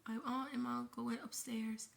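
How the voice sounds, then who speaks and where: A woman's voice: fairly high pitch, flat delivery, moderate pace, creaky. A woman vlogger telling an emotional personal story, shaken and grieving, in a breathless retelling with frequent swearing.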